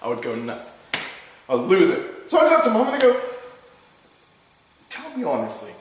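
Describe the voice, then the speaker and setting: Animated swearing man telling a story. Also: high-pitched, fast talker. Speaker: podcast host. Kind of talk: casual storytelling. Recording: echoey room, far from mic, faint hiss.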